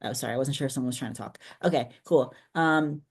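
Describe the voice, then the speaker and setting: A trainer giving an online workshop in a conversational way, often checking in with quick tag questions. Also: medium pitch, slightly rough.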